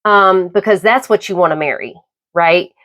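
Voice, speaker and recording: A middle-aged woman hosting her own podcast, talking through a personal, opinionated monologue in a halting, emphatic way. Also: fairly low pitch, a bit bright. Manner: emphatic, halting with repeated restarts. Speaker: podcast host.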